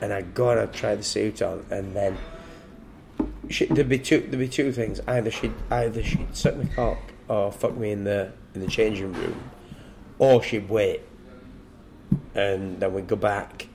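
A man's voice: on the low side, steady tone, unhurried, creaky, noisy background. An older man telling stories in casual podcast chat, crude, profane and joking. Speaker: guest storyteller.

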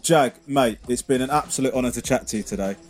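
A man hosting a podcast, relaxed and friendly, chatting in casual slang. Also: mid-range voice, fast, soft background music. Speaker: podcast host. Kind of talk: casual interview chat.

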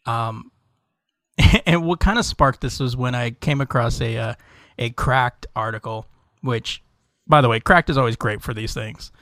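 Podcast co-host, male, mid pitch, rambling chatty delivery, dry sound. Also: unhurried, fairly bright tone, no room sound. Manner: loose, rambling, swears freely, lots of fillers. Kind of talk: casual chat. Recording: dry close mic.

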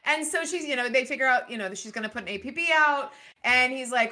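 A woman's voice: sits high, fast, few pauses, pushed and bright. A woman co-hosting a book podcast, chatting casually and reading passages aloud from the novel.

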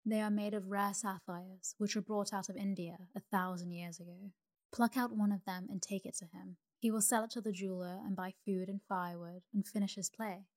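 A woman voicing a gentle, sorrowful male prince statue in a calm, tender reading for a storybook. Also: mid-range voice, a little fast, natural voice.

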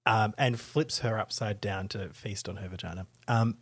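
A man's voice: fairly low pitch, steady tone, normal speed, husky, dry recording. A man co-hosting a casual comedic book talk, reading excerpts aloud with laughing asides. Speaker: podcast co-host.

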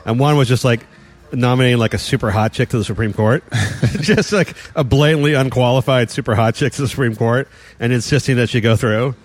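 A man chatting casually and joking in a rambling, laughing way. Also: medium pitch. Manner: fast, rambling, joking with frequent laughs and fillers. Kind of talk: casual podcast banter.

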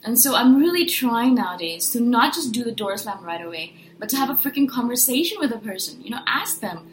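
A woman's voice: on the high side, animated, brisk, few pauses, slight background noise. Earnest woman venting in an echoey room. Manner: earnest, venting, rhetorical questions. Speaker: personality-type video host. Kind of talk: casual monologue to camera.

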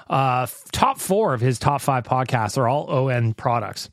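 A man's voice: mid-range voice, moderate pace, gravelly, hardly any pauses, dry recording. A man with an everyday mid-range voice hosts a casual chat podcast in a jokey, upbeat way, laughing easily. The sound is close and dry. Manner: jokey, laughs often, lively. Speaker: podcast host. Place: Edmonton.

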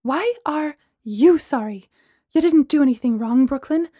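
A woman voicing a hurt young woman who bursts out in sharp, rising outbursts. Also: high-pitched, expressive, a little slow, dry recording, studio quality, voice pushed up. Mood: upset.

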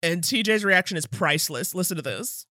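A woman co-hosting a casual podcast, breaking down a film with big animated energy. Her voice is bright and forward, and she keeps acting out what the characters said. The mic is close with no room sound. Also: lowish voice, a little fast, no echo. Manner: animated, laughing, acts out characters' lines. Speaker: podcast co-host. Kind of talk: casual chat recapping a film.

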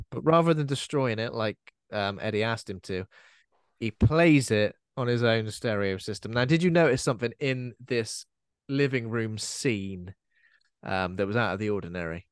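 In a casual film-review chat, a male podcast co-host wanders chattily between topics and often mimics characters in goofy voices. His voice is medium-pitched, expressive and resonant, and he speaks at a normal speed. The studio recording is clear, with no room sound.

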